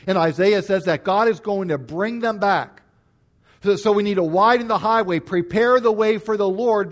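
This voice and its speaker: A man preaching a sermon, explaining scripture verse by verse with emphatic stress on key points. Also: on the high side. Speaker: pastor.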